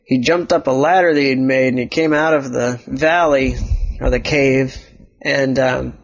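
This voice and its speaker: A man's voice: mid-range voice, fairly even intonation, measured pace. A man improvising a block-game story, rambling and restarting his sentences. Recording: dull lo-fi recording.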